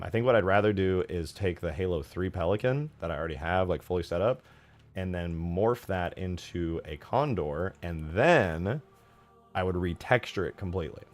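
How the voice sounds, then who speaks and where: A man giving relaxed, rambling commentary while modding a game, often correcting himself as he goes. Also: sits low, moderate pace. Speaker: modding streamer. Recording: faint background music.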